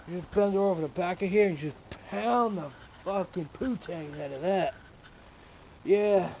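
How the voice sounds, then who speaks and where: A man's voice: sits high, creaky, a little hiss or hum, low-quality recording. A man chatting casually while working on his car in a garage, full of crude, profane jokes and banter.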